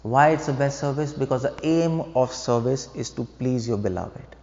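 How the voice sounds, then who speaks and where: A man's voice: medium pitch, moderate pace, a little mellow. A man giving a devotional lecture, explaining points and asking the audience rhetorical questions. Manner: explanatory, asks the audience rhetorical questions, chuckles at own jokes. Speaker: preacher. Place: temple hall. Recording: echoey hall, dull lo-fi sound.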